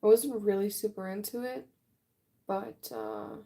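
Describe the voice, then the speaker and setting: A woman in her late twenties chatting casually with viewers while she paints on a livestream. She is relaxed and talks at an easy pace, yawning often as she answers the chat. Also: mid-range voice, unhurried, creaky. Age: late 20s. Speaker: livestream artist. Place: art room at home.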